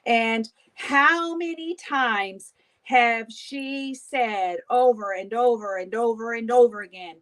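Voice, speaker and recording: A woman's voice: a little high, slow, fairly bright tone. A woman hosting a beauty livestream, chatting casually with viewers while doing her makeup, gossipy and often laughing.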